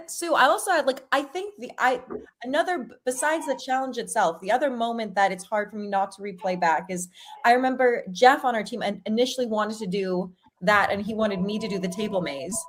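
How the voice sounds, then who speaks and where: A high-pitched woman speaking as a guest on a podcast. She rambles, trips over her words and keeps restarting, and she laughs often while she talks. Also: a little fast. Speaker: podcast guest, game show contestant. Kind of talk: casual chat.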